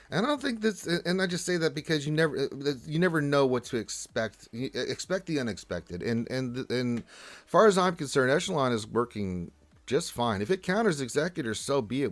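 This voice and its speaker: A man hosting a casual gaming livestream in an average-pitched voice. He rambles through his points, leaning on fillers and restarting words. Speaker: livestream host and game tester.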